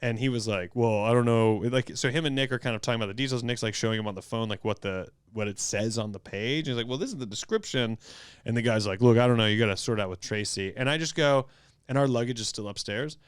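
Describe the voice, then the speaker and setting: A man hosting a podcast, telling a story in a casual, animated way and acting out the quotes. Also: fast, clear, resonant tone, no room sound, studio quality. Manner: animated, acts out quotes with big pitch jumps. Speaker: podcast host.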